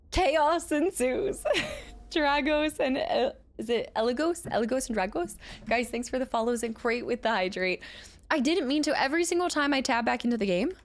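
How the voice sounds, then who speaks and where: A woman streaming a game, chatting casually with her viewers, laughing often and shouting during fights. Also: on the high side. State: out of breath. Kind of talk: casual live-stream gameplay chat.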